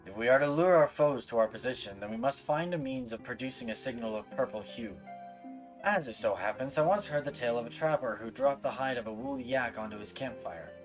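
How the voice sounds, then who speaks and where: Guy doing a brooding dragoon, low and serious, slow and measured. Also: over music, close to an everyday voice. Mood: grave. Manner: grave, measured reading.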